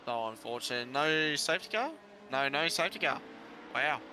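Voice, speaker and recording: A man co-commentates a race in a mid-pitched voice, teasing and laughing along. Clear background noise runs under his voice. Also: animated, moderate pace, pushed and bright.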